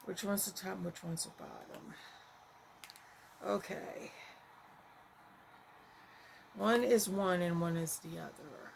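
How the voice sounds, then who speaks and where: A woman's voice: on the low side, slow, vocal fry, pauses often. A woman chatting casually through an unboxing, rambling with fillers and talking to herself. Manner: chatty, rambling, with trailing fillers and self-talk. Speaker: vlogger. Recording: audible background noise.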